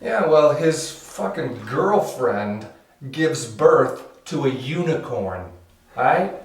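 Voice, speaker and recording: A man's voice: very animated, slow pace. Crude rambling storyteller in a comedy sketch, a man doing it, echoey and off-mic. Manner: profane, rambling storytelling with squeaky village voices. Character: crude, rambling man, a naked alter ego telling a mock parable. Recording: echoey room, far from the mic.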